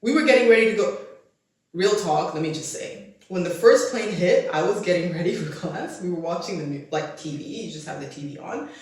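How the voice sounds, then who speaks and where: Animated woman storyteller in an echoey room. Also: on the low side, fairly quick. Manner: animated storyteller, heavy "like" filler. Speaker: podcast co-host. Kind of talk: casual chat.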